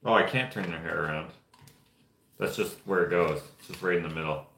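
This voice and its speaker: A man's voice: deep voice, fairly quick, creaky, a bit bright, slight background noise. A young man from Canada chatting casually and rambling offhand while painting figures. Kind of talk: casual chat. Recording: roomy echo.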